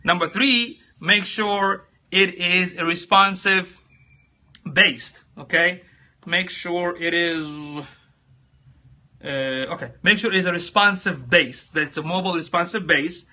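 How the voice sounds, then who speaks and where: Giving tips on a relaxed phone live stream, this cheerful, talkative host calls out his viewers by name. He speaks in a high, sharp-toned voice, a little on the slow side.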